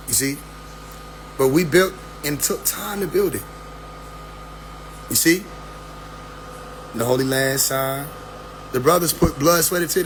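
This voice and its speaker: A middle-aged man giving a casual, preachy spoken address to his followers, often asking "you see?" and dropping into quiet asides. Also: on the high side, slight background noise. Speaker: community leader addressing followers.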